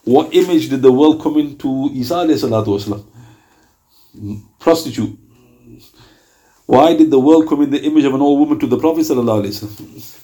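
A man preaching in a loose, conversational way. His voice is soft and mellow, and he jokes and chuckles as he acts out little scenes. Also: mid-range voice, fast talker, pauses often. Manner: lively, joking, laughs often, acts out dialogue. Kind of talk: informal religious talk.

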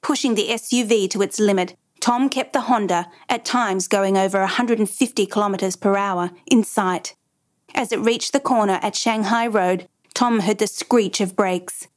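A woman reading a dramatic true story aloud in measured, even narration. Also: mid-range voice.

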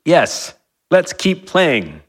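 A man reading a story aloud, voicing a small elderly father who has turned sly and gleeful, teasing with a bright mock-sweet voice. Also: fairly high pitch, huge pitch swings, very slow, slightly rough, pitched above the performer's own voice, full character voice.

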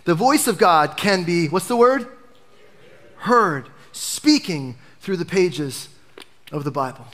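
Animated male pastor preaching a sermon. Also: sits high, slow. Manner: animated preaching, dropping to a hush for emphasis.

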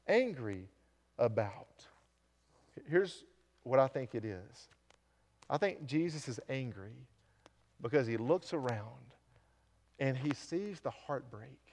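A pastor in full sermon, his man's voice sitting a little high and earnest as he puts question after question to the congregation. His words ring out with a long reverb through the church hall. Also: darkish tone. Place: church sanctuary.

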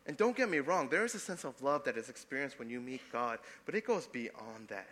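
A young adult man, a pastor preaching a sermon, swinging between loud emphatic passages and soft hushed ones. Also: mid-range voice, animated, a little fast, big-room sound.

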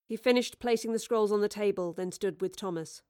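A woman reading a novel aloud in measured, even scripted narration, close to the microphone. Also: mid-range voice, smooth, dry recording. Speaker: audiobook reader.

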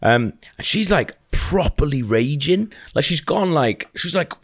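Man, lively pitch, casual comedic storytelling, swearing, restarts. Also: a little slow. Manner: animated, swearing, with frequent restarts and laughter. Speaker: podcast co-host telling a story.

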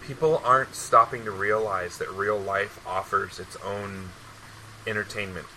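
A man's voice: lowish voice, fairly even intonation, measured pace, bright, forceful tone, slight background noise, poor audio. A man hosting a podcast, chatting casually and rambling, with many restarts and repeated words. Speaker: podcast host. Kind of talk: casual chat.

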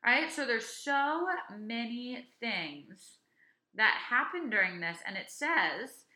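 Co-hosting a podcast, a chatty woman in her thirties mulls things over and reads from a website aloud. She speaks slowly in a slightly high voice that's animated, bright and forceful. The recording has an echoey room sound.

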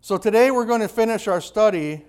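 A man preaching, telling a personal story in an animated, conversational way with frequent restarts. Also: high voice, a little fast, clear, resonant tone. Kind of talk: storytelling sermon.

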